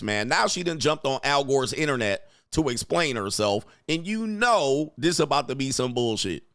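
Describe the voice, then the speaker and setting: A man's voice: mid-range voice, fairly bright tone, dry recording, clean studio sound. A man hosting a reaction commentary, talking bluntly and emphatically with a lot of profanity. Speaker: commentary host and coach.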